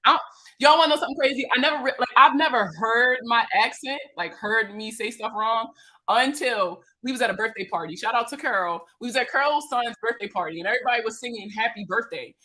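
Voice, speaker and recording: A woman with a Baltimore accent, a credit repair consultant, answering viewers' questions in a casual livestream, animated and slangy, joking with her audience. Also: a little high, quick pace, low-quality recording.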